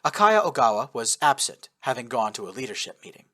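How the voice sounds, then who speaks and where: A man narrating a first-person war story in an expressive, lively manner. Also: medium pitch, brisk. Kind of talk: first-person audiobook narration of fan fiction.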